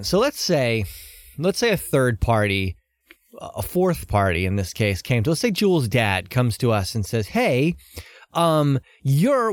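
A man hosting a casual podcast chat, playful and quick to laugh. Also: mid-range voice, no room sound. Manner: animated, laughs often, playful. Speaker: podcast host.

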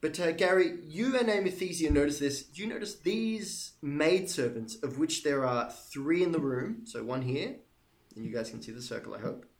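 A man's voice: a little high, animated, moderate pace, few pauses. A man running a tabletop game as game master, narrating with frequent restarts and repeated words. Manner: hesitant, repeating words, self-deprecating.

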